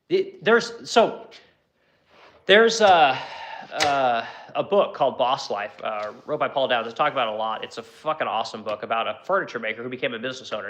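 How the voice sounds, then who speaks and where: A middle-aged furniture maker from the United States answering viewer questions in a rambling, blunt way, swearing and filling pauses with "you know.". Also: male voice, mid-range voice, bright, forceful tone. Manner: rambling, profane, lots of fillers like "you know". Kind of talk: casual Q&A talk.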